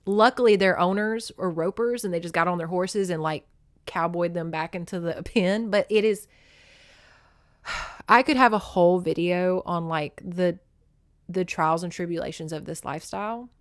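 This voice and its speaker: A young woman hosting a podcast, telling a rural story in a blunt, animated, swear-heavy casual way. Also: lowish voice, normal speed, dry recording, clean studio sound. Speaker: podcast host.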